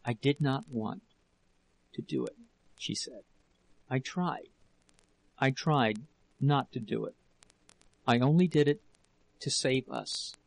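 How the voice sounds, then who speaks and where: Man voicing frightened young woman, quiet, halting, slow, gravelly. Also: mid-range voice, low-quality recording. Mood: faltering. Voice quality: faltering, soft and broken. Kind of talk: audiobook character reading.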